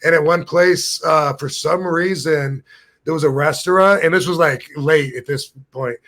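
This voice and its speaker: A man in his fifties chats loosely on a podcast, his voice sitting a little high for a man. He wanders off topic, circles back and chuckles through his own stories. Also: moderate pace, fairly bright tone. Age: 50s. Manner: rambling, loses his thread, laughs at his own stories. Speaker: podcast host. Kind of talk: casual storytelling chat.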